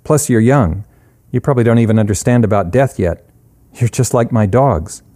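A man's voice: medium pitch, moderate pace, mellow, natural voice. A man voicing a weary young woman who is a dry, teasing drifter. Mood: wry.

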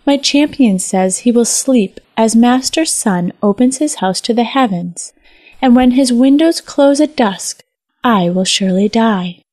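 A woman voicing a gentle, sorrowful fox spirit maiden with a soft, solemn manner in a storybook. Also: a little high, expressive, unhurried, no room sound.

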